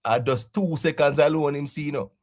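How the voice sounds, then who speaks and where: A young adult Jamaican man hosting a casual live stream, laughing often and giving shout-outs to viewers in patois. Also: on the high side, fairly quick.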